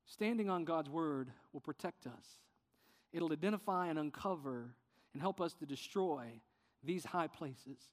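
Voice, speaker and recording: A man preaching a sermon as pastor, earnest and sometimes softening with emotion. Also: a little high, a little slow, in a large hall. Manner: earnest preaching, quieter and tender when emotional.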